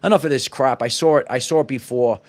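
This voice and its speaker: Middle-aged man, channel host, preachy, repeats himself, stumbling restarts, mid pitch. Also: quick pace. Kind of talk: off-the-cuff motivational monologue.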